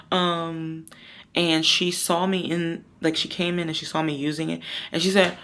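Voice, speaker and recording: Gravelly-voiced woman telling a story. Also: on the low side, little pitch movement, normal speed, a bit bright. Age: 30s. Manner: rambling, confiding, full of "like". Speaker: vlogger. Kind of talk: personal storytime. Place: outdoors, windy.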